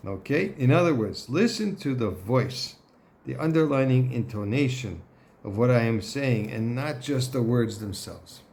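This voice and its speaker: A man giving a Torah lesson in a deliberate manner, often clearing his throat and checking in with his listeners. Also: mid-range voice, lively intonation, a little mellow. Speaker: Torah teacher.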